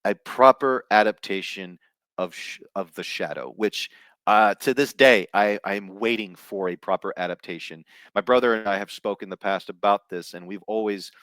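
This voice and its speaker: A man's voice: on the low side, moderate pace, a bit bright, no room sound. A man giving a rambling, frank, casual film review, with laughs and fillers along the way. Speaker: vlogger reviewing films. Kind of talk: casual rant to camera.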